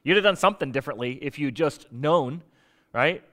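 Casual, animated man preaching. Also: on the high side, a little fast. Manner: casual, animated, acts out dialogue in voices. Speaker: pastor. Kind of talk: conversational sermon.

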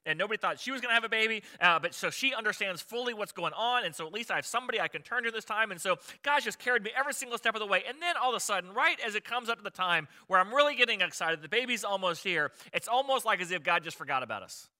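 A man's voice: sits high, expressive, very fast, few pauses, pushed and bright, voice pushed up, heavily acted. A man voicing an exasperated young mother-to-be, asking pleading, incredulous rhetorical questions.

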